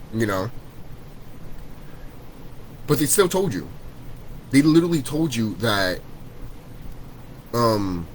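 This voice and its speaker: A man's voice: medium pitch, a little hiss or hum, rough recording. Swearing man on a heated rant. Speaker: vlogger. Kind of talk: profane spiritual rant to camera.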